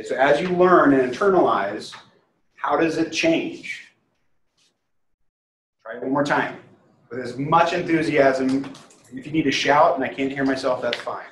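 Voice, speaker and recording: A man leading a real estate training class, energetic and coaxing, often putting questions to the room. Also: medium pitch. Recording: echoey room from far off, faint hiss.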